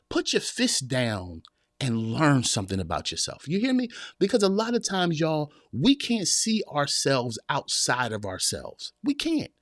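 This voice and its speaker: A man's voice: on the high side, dry recording, studio quality. A man hosting a podcast, giving an emphatic motivational talk and often turning to his listeners with a question. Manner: emphatic, repeats phrases, asks the audience "y'all hear me?". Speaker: podcast host.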